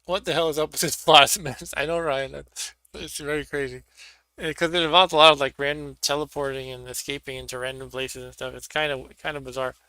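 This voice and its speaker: A man's voice: a little high, steady tone, fairly quick, bright, forceful tone, clear, resonant tone, no echo. A man hosting a stream, reading a gamebook aloud and joking casually between passages. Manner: offhand, joking. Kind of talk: casual chat and read-aloud narration.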